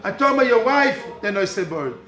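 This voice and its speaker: A man's voice: sits high, sing-song, fast, bright, forceful tone. A man teaching a yeshiva Torah class, repeating his points emphatically and calling out to students by name. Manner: repetitive, emphatic, calls out to students. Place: study hall with students. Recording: echoey hall with a crowd of students.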